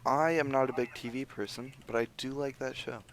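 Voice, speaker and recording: A man's voice: mid-range voice, steady tone, brisk, a little hiss or hum. A young man co-hosting a casual podcast, dropping dry, wry one-liners. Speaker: podcast co-host. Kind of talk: casual chat.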